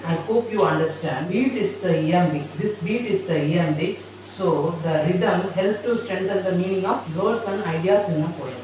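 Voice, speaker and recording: A teacher lectures at a slow, deliberate pace and repeats each sentence so students can write it down. The voice sits at a middle pitch and sounds distant. The recording is very echoey, with a faint hiss underneath. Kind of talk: classroom lecture dictating notes. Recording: very echoey room, voice far from mic, faint noise.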